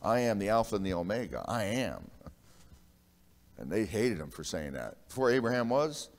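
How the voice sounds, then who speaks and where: A man pastor preaching a sermon in a church, emphatic, swinging between loud and hushed and calling out to the congregation for an amen. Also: lowish voice, sing-song, normal speed. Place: church sanctuary. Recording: long reverb of a church hall.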